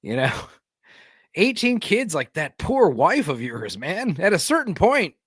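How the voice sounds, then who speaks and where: Male podcast host, animated and jokey, a bit high-pitched, dry close sound. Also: normal speed, slightly rough, no echo. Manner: animated, joking, rambling with fillers. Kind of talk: casual commentary watching a show.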